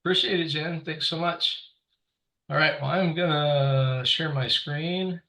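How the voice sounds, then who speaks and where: A man leading an online real estate training session over a video call, halting and full of fillers and restarts. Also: a little high, steady tone, gravelly, sharp tone, rough recording.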